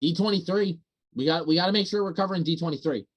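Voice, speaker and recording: A man co-hosting a casual podcast chat, excitable and quick to swear. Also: on the high side. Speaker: podcast co-host.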